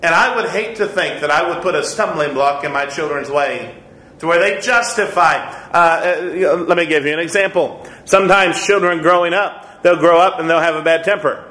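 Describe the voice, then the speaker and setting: A man's voice: on the high side, moderate pace, sharp tone. A man in his thirties teaching an adult Sunday school class in a conversational, earnest way, repeating his points and chuckling at himself. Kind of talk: conversational Bible lesson. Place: church room. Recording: echoey church room.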